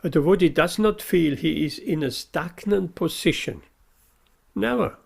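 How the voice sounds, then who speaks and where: Man preaching a devotional talk, really gravelly voice, pitched a bit high, earnest and emphatic. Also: unhurried. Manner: earnest, emphatic, repeats key phrases. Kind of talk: devotional sermon.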